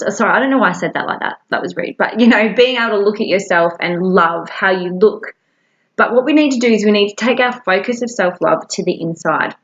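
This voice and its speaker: Woman, chatty, encouraging coach tone, medium pitch, dull lo-fi recording. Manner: chatty, encouraging, with self-talk asides. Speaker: wellness coach. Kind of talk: casual self-help talk to camera.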